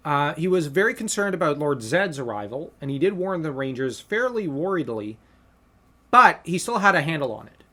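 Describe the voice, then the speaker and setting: A man's voice: on the high side, big pitch swings, moderate pace, sharp tone. Earnest man breaking down a film scene. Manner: earnest, theorizing, talks through ideas at length. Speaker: podcast co-host. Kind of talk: casual fan analysis of a film scene.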